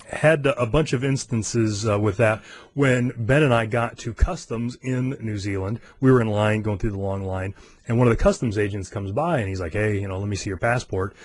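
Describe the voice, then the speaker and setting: A man's voice: medium pitch, a little mellow. An American man hosting a podcast, telling a travel story in a casual way, acting out the quoted voices of others and laughing often. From United States. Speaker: podcast host.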